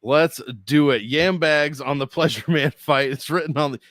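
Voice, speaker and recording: A man hosting a casual betting podcast, laid-back and quick to laugh as he wraps things up. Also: a little high, fairly bright tone, no echo, clean studio sound. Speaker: podcast host.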